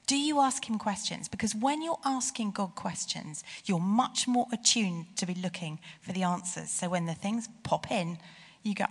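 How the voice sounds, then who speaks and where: A middle-aged woman delivers a sermon in an animated, conversational way, pushing up on key phrases. Her voice sits at a medium pitch. A long reverb hangs behind her, as in a large church hall. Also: normal speed. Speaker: preacher. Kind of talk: sermon with personal stories.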